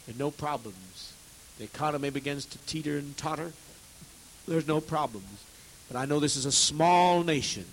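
A man preaching to a congregation, swinging between loud, forceful outbursts and hushed, heavy tones, repeating phrases to exhort his listeners. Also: mid-range voice, slight background noise, rough recording. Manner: repetitive, exhorting. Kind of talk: impassioned sermon.

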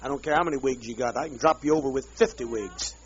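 A man's voice: mid-range voice, fast talker, breathy edge. Bitter profane man ranting on old tape. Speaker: leader addressing a group. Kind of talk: angry profane rant. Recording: dull lo-fi archive tape.

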